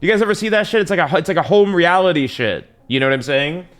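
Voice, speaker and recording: A man's voice: fairly high pitch, fast talker, a bit bright. A young man streaming live, telling a long story in a rambling, profane, slang-heavy way.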